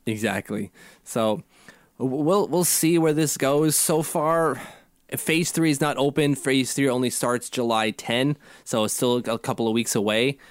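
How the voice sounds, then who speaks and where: A young man co-hosting a casual sports podcast, talking in an animated, ranting way. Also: mid-range voice, measured pace, clean tone, no room sound. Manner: animated, ranting, mocking quotes. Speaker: podcast co-host.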